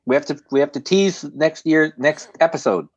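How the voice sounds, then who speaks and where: A man's voice: on the high side, normal speed, vocal fry, dry recording, lo-fi sound. A man co-hosting a casual podcast, recapping an episode and quoting its lines. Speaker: podcast co-host. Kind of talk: casual chat.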